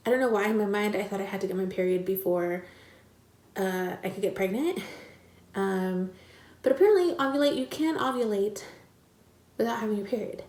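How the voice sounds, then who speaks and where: A woman's voice: mid-range voice, brisk, pauses often. Young woman vlogger, casual storyteller, lots of fillers, recorded in a roomy space with echo. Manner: chatty, many fillers and "like". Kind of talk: casual personal storytelling to camera. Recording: echoey room.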